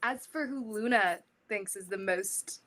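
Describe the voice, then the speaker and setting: A woman's voice: medium pitch, measured pace, noisy background. A woman voice actor on a convention panel, bubbly and giggling as she answers.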